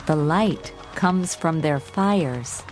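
A woman narrates a simple storybook in a slow, carefully measured voice pitched on the low side. Each word is spoken clearly for learners. Clear background music plays under her. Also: expressive, a little mellow.

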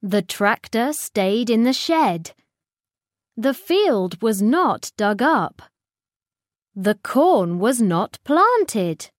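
A woman with a British accent narrating a children's storybook in a clear, expressive read-aloud manner. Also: fairly high pitch, very slow, no room sound, clean studio sound.

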